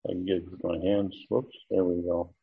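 A man teaching a Bible study, deliberate and emphatic, pausing often with fillers. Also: sits low, level tone, creaky, a little hiss or hum. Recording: muffled lo-fi recording.

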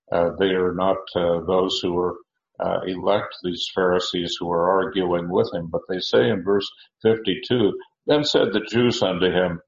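A man teaching through Bible verses, halting with many restarts and fillers, with an occasional dry chuckle. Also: deep voice, reverberant, dull audio, slight background noise.

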